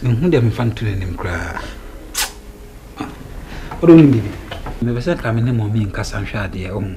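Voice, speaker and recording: A troubled man who laments in pidgin English in a film drama. His voice is low. Clear noise sits under the recording. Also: expressive, moderate pace, mellow. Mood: lamenting. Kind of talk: Twi film acting.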